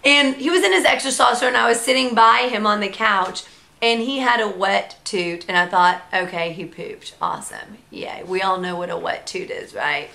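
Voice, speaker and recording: A young woman vlogging about her baby, chatty and animated, slipping into sing-song baby talk. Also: medium pitch, moderate pace, gravelly. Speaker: mom vlogger, founder of a parenting blog. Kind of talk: casual storytelling vlog.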